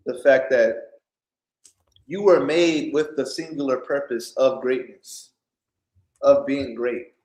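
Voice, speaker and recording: A man preaching informally on scripture, often pausing to ask "right?" and restarting his sentences. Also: medium pitch, darkish tone. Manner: keeps asking "right?", stops and restarts often. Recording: echoey room.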